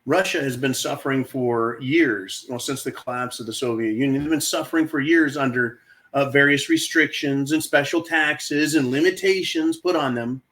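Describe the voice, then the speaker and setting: A man's voice: mid-range voice, normal speed, a bit bright, low-quality recording. A man hosting his own channel, talking to viewers in an exasperated, emphatic opinion monologue and often calling them folks. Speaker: channel host.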